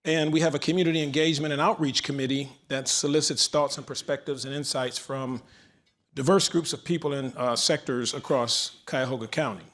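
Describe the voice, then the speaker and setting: A man's voice: mid-range voice, steady tone, fairly quick, a bit bright. A man speaking into a handheld mic at a large public forum, moderating and announcing with energy. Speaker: moderator and organization leader. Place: large event hall.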